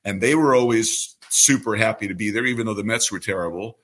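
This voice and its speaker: Casting: older man in his 70s from New York, seasoned radio play-by-play voice, bright and clear, lowish pitch, relaxed storyteller. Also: fairly quick. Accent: New York, mostly trained away. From New York City. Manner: relaxed anecdotal storyteller with a polished announcer delivery. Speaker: baseball radio broadcaster, guest. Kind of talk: storytelling interview answer.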